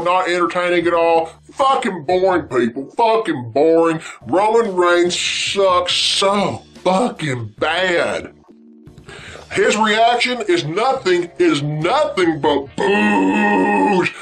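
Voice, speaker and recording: A man with a high-pitched, slightly bright voice hosts a vlog and rants angrily about wrestling directly to his viewers. The rant is blunt, repetitive and loaded with profanity.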